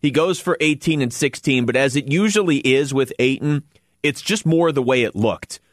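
A man with a medium-pitched voice hosts a sports radio show from a studio, recorded dry. He's chatty and casual, laughing often and tossing in quick asides between points.

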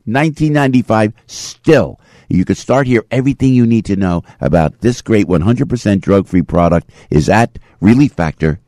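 An older man hosting a talk radio show, chatting and doing a live ad read in a lively, jokey way that swings between loud and soft. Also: fairly low pitch, no echo, clean studio sound. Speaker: radio host. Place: radio studio. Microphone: studio microphone.

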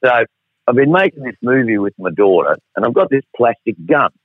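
Very animated and slightly quick, this mid-pitched Australian man in middle age tells a meandering, foul-mouthed, dryly funny story as a radio guest. The sound is a dry, tinny phone connection.

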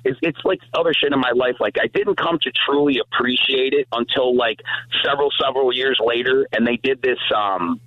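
A man in casual chat about horror movies and music, rambling, animated and swearing freely. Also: mid-range voice, a little fast, dry recording, phone-quality sound.

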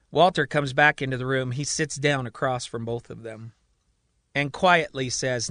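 Bright-voiced male storyteller. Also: normal speed, dry recording, studio quality. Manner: animated, voices characters with raised pitch. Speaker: narrator. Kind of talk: storytelling narration with voiced dialogue.

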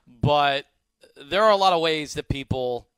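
A man co-hosting a sports radio show, joking and teasing his partner with a lively, playful delivery. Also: a little high, unhurried, clean tone, no echo. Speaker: radio co-host. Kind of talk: casual sports radio banter.

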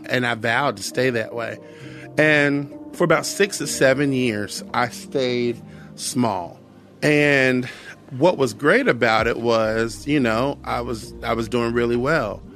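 A man's voice: medium pitch, slow, fairly bright tone, soft background music. An earnest middle-aged American man sharing a personal testimony, reflective, often repeating phrases. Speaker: guest sharing his testimony.

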